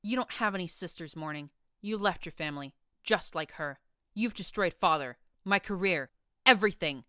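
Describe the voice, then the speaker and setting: A proud, furious pegasus mare soldier spits out accusations at her younger sister, as a woman reads her in an audiobook. The voice sits low and smooth, harsh and contemptuous in tone. It is recorded close and dry. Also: fairly quick, hardly any pauses, pushed and bright, no room sound. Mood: scornful. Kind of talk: audiobook character reading.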